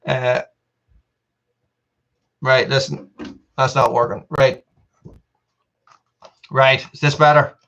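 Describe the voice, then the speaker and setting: This man's medium-pitched voice is level, a bit bright and creaky, and he talks slowly with long pauses over a muffled recording. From an upstairs room at home he runs a casual live stream, chatting to viewers in a rambling, self-deprecating way, often restarting and laughing as he checks his camera mic against his desk mic.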